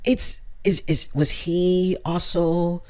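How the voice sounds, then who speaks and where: A man's voice: high voice, little pitch movement, slow pace, darkish tone, no echo. A man making a reaction video, commenting in a boastful, mock-serious, sarcastic way. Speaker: YouTuber.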